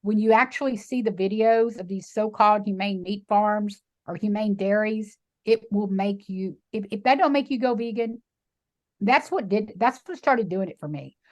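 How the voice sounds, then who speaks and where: A middle-aged woman with a Texan accent tells her story in an emphatic, animated way and acts out the voices of the people in it. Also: medium pitch. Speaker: guest, sanctuary founder. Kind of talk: emotional storytelling interview.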